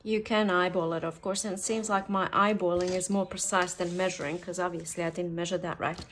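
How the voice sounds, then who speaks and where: A woman's voice: fairly low pitch, level tone, brisk, a bit bright, a little hiss or hum. A woman giving a casual step-by-step craft tutorial from her home workspace, chatting as she works and dropping offhand asides. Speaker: crafter demonstrating a project.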